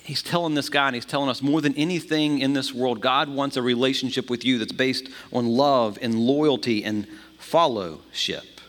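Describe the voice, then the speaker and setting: A male pastor preaching a sermon in an animated way, often repeating a word as he starts a phrase. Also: medium pitch, normal speed. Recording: long hall reverb.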